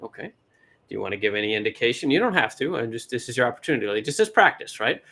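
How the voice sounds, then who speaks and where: A man with a relaxed West Coast American accent talks through feedback on a pitch. He is chatty and encouraging, and he often stops mid-thought to start over. His pitch sits in an ordinary middle range. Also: very fast, creaky. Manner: chatty, encouraging, self-interrupting. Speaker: startup advisor and event host.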